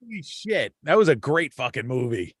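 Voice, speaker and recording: A man's voice: medium pitch, sing-song, moderate pace, fairly bright tone, husky, no room sound, clean studio sound. A man co-hosting a casual talk show, swearing freely and reacting with energy. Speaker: podcast co-host. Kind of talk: casual chat.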